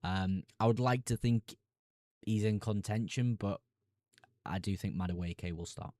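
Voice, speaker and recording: A man's voice: on the low side, measured pace, dark tone, dry recording, studio quality. A man with a Sunderland accent hosting a live fantasy football stream. He reads viewers' questions aloud and answers them in a casual, chummy way. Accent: Sunderland (Mackem). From Sunderland, North East England.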